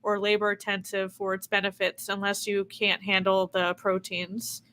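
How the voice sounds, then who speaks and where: Bright, chatty New Jersey woman. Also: mid-range voice, monotone, normal speed, slight background noise. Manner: chatty, giggly, reads out viewer comments. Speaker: livestream host. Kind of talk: casual live chat.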